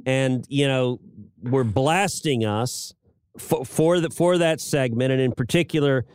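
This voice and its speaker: A middle-aged senator co-hosts a political podcast, talking casually, often stammering into restarts and chuckling at his own jokes. His mid-range voice is unhurried, a little mellow, and clean. The dry recording is studio quality.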